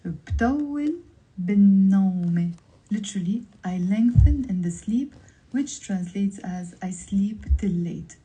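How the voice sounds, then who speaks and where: A woman with a Lebanese accent teaching vocabulary on a livestream, pronouncing each word slowly and carefully, then repeating it. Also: mid-range voice, dark tone, low-quality recording. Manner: slow, careful word-by-word pronunciation drills.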